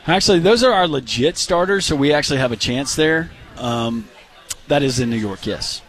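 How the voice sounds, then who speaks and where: A man's voice: a little high, moderate pace. A man co-hosting a sports talk radio show, joking and bantering with his colleagues. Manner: animated, joking. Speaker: radio co-host.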